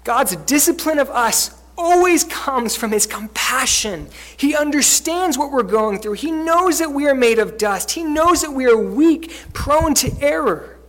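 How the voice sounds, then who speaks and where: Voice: high voice, animated, measured pace, hardly any pauses. Preacher, sermon, casual chatty delivery, many fillers, acts out quotes.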